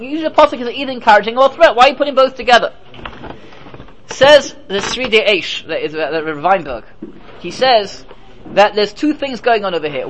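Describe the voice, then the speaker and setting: On a low-quality recording, a man with a very high, somewhat bright voice leads a Torah class as a rabbi. Emphatic throughout, he asks rhetorical questions only to answer them, mixing in Hebrew and Yiddish terms.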